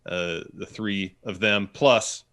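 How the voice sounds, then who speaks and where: A man co-hosting a podcast, chatting quickly and casually about wrestling, often chiming in to agree. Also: on the low side, creaky, fairly bright tone. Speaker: podcast co-host. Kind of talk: casual wrestling recap chat.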